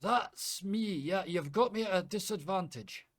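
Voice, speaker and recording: A man voicing a huge, gruff, red-bearded man with a thick Scottish accent who curses and shouts bluntly. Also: high voice, a little slow, pitched above the performer's own voice. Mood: incredulous. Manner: shouting, cursing, brash.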